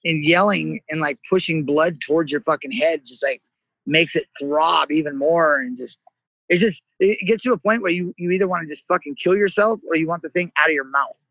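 A brash man from San Jose chats as a guest, swearing nonstop and telling stories with lots of energy. His voice sits high and sounds bright. The recording is dry and close. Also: fairly quick, dry recording, poor audio. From San Jose, California. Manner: brash, swears constantly, animated storyteller. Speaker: musician guest. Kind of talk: casual chat.

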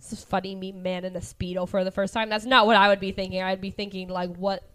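A woman's voice: mid-range voice, flat delivery, fast talker. A woman co-hosting a casual film podcast, chatty and acting out quotes from the film as she talks. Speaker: podcast co-host. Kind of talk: casual chat.

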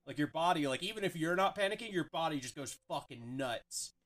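A young man hosts a casual podcast chat, rambling and swearing and leaning heavily on "like." His voice is a touch high, bright and animated, moving at a brisk clip.

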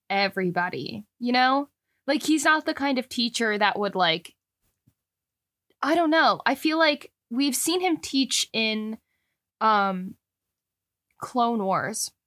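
A woman's voice: a little high, a bit bright, no echo, studio quality. A woman co-hosting a casual fan discussion podcast, earnest and thinking aloud. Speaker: podcast co-host.

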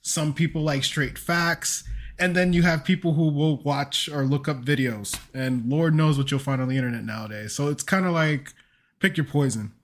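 A man's voice: a little high, moderate pace. Laughing, swearing male podcast co-host. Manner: laughs often, swears, rambling riffs. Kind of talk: casual podcast banter.

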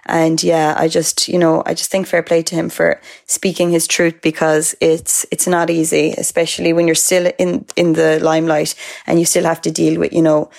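Animated young Irish woman storytelling. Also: sits low, normal speed, vocal fry. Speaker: podcast co-host. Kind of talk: casual chat.

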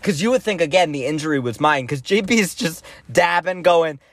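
A podcast co-host with a fairly high-pitched voice talks fairly quickly, sharing a family story in casual conversation. He animatedly acts out his relatives' lines in quoted voices, and the studio sound is clean with no echo.

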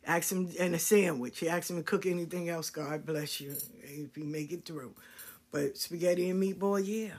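A middle-aged woman talks straight to her listeners, spinning stories from her own life. Her talk is blunt and full of swearing, and she tells it with lively energy. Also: lowish voice, moderate pace, slightly rough. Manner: blunt, profane, animated storytelling. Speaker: talk show host. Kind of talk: casual storytelling chat.

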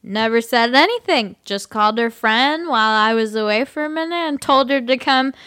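A woman voicing a drunk, indignant man from a bad date, slurring slow and ranting. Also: a little high, animated, a bit bright, clear, resonant tone, no room sound, clean studio sound. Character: drunk belligerent adult male creep from a bad date.

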